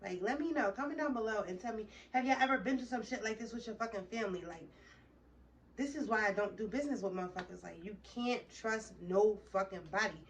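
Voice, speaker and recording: A woman's voice: mid-range voice, quick pace, distant mic, a little hiss or hum, poor audio. Profane, heated woman ranting slightly off-mic. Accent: New Jersey. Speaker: vlogger. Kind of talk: casual storytime monologue.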